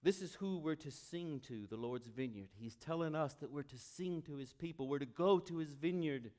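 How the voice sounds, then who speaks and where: A male pastor preaching a sermon, animated, swinging from loud exclamations to quiet, intimate asides. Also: fairly high pitch, moderate pace.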